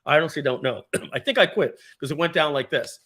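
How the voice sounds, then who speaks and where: A man telling a personal story to a live audience at a party, often clearing his throat and restarting his sentences. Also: fairly high pitch, expressive, a little fast, fairly bright tone.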